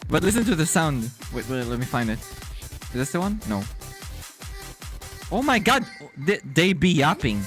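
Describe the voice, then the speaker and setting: A male VTuber streamer chatting casually with his viewers, animated, laughing often and swearing freely. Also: on the high side, a little slow, long pauses, faint music behind. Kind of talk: casual live-stream chat.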